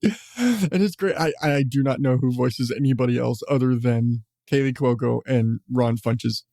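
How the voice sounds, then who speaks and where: A man's voice: mid-range voice, flat delivery, normal speed, creaky, mellow, no echo, studio quality. A man hosting a podcast, talking in a rambling, casual way with frequent swearing and chuckles. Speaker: podcast host. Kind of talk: casual chat.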